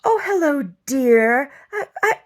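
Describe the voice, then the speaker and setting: A woman's voice: high voice, very animated, slow pace, voice pushed up, heavily acted. A woman imitating a patronizing older female cashier in a sing-song, syrupy voice while telling a story.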